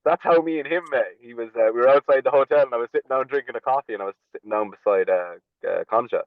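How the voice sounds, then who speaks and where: A man's voice: mid-range voice, fast talker, no room sound. An Irish man, a podcast guest, telling stories in a casual, blunt way, swearing freely and chuckling as he goes. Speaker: podcast guest, slap fighter. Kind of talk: casual storytelling chat. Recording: tinny phone-like line, dry.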